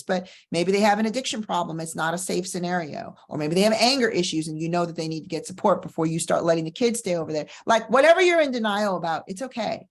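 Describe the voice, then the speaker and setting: A middle-aged woman who hosts a show as a divorce coach, talking in a candid, energetic casual way and repeating phrases for emphasis. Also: lowish voice. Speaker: divorce coach and podcast host. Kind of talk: casual motivational talk.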